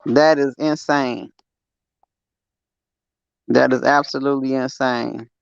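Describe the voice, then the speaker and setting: A woman's voice: rumbling low, steady tone, slow pace, gravelly, no room sound. Woman, casual podcast talk, emphatic, slangy, slightly muffled audio. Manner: blunt, emphatic, storytelling with slang. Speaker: podcast co-host. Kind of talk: casual chat. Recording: dry, slightly dull sound.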